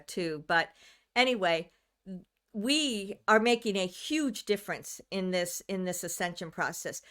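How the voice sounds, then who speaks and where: A woman's voice: mid-range voice, fairly bright tone, clear, resonant tone. A woman from the United States, a channeler hosting a live stream, chatting casually with viewers, rambling, restarting sentences and greeting people by name.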